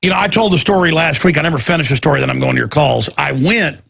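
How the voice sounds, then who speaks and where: A man with a Texas accent hosting a talk radio show, ranting and mocking people in a gravelly, husky voice. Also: on the high side, quick pace, a bit bright.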